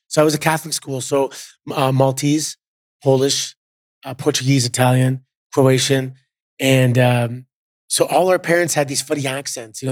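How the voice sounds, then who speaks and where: The studio sound is clean with no room sound as a middle-aged Canadian man, once a wrestler, chats on a podcast. His voice is medium in pitch, and he's a relaxed storyteller who uses many fillers in this casual interview.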